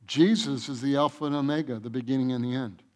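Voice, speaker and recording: A male pastor delivering a sermon in church, preaching with passion, building to loud emphatic runs and repeating phrases. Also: mid-range voice, steady tone, quick pace.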